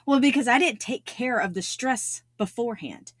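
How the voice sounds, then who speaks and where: A woman's voice: on the high side, moderate pace, no room sound, studio quality. A middle-aged woman hosting a solo self-improvement podcast, talking earnestly and repeating key phrases for emphasis. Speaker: podcast host.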